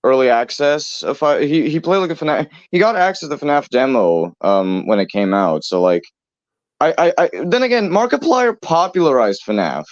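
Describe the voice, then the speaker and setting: A man's voice: a little high, very animated, moderate pace, dry recording. A man streaming and chatting casually with a friend, rambling, laughing often and swearing offhand. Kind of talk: casual chat. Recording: dull lo-fi dry mic.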